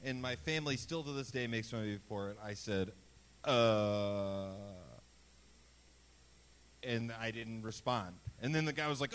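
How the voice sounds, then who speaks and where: A man hosting a live comedy podcast on stage, telling self-mocking stories in an animated way. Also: mid-range voice, measured pace, long pauses, clear, resonant tone. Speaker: podcast host. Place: live stage before an audience.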